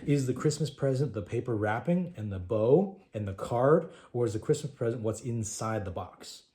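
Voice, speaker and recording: A man telling a training war story to his trainees in an animated, conversational way, sometimes dropping to a hush. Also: medium pitch, normal speed.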